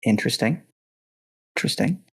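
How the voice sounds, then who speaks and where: A man narrating as game master of a tabletop horror game, calm and matter-of-fact with frequent fillers. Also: brisk, rough recording.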